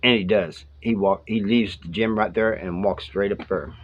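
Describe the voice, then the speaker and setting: A man's voice: fairly low pitch, steady tone, normal speed, a little hiss or hum. A man who served time telling his prison stories in a casual, rambling way, full of slang, acting out the lines of the people he talks about. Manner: rambling, colloquial, quotes others in dialogue. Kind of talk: casual storytelling to camera. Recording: slightly dull lo-fi audio.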